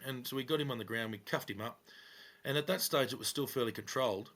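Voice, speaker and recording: A man's voice: medium pitch, brisk. A middle-aged Australian man telling a police story in casual chat, acting out quoted lines in a raised voice. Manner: animated, acts out quotes with raised voice. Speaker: podcast co-host, former police officer.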